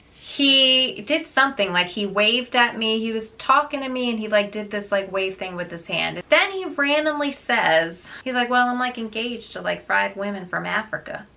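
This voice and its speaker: A woman book vlogger telling a story in a casual, animated way, laughing often. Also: mid-range voice, creaky. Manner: chatty, animated, laughs often, many fillers.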